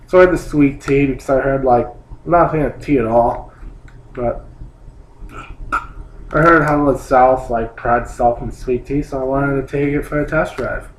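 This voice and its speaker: A man's voice: medium pitch, fairly quick. A young man telling an annoyed, rambling story about a trip, swearing and saying "like" a lot. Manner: annoyed, complaining, swears, rambling with many likes. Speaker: vlogger. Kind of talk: casual ranting story. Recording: roomy echo, faint hum.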